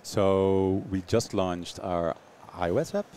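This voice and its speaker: A man, a startup founder, answering interview questions in English with hesitant pauses and repeated words. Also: low-pitched, fairly even intonation, warm tone, slight background noise. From Netherlands.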